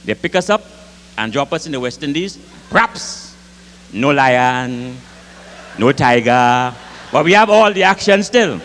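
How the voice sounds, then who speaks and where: A Grenadian man doing comic storytelling onstage at a live concert, lively and rich in dialect, acting out the voices in his tales. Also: mid-range voice, unhurried. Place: concert hall with audience. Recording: live concert hall reverb, faint ambience.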